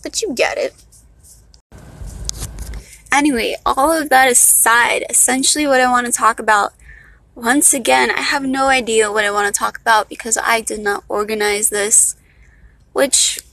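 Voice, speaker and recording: A woman's voice: on the high side, unhurried, pauses often, pushed and bright, dry recording, rough recording. A young woman from Miami with a Miami accent and a valley-girl sound, rambling casually and poking fun at herself in a vlog. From Miami, Florida. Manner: chatty, self-mocking, loose. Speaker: vlogger.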